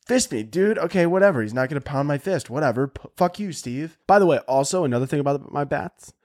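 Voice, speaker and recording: A young man hosting a comedy podcast, ranting in a sarcastic, profane way, his voice jumping high when he gets worked up. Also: expressive, fast, darkish tone. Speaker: podcast host.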